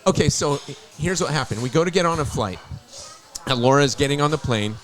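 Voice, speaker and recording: Male host, animated anecdote teller, bright lively delivery. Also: on the high side, brisk. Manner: animated storyteller, acts out quotes. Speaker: radio host. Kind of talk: casual chat.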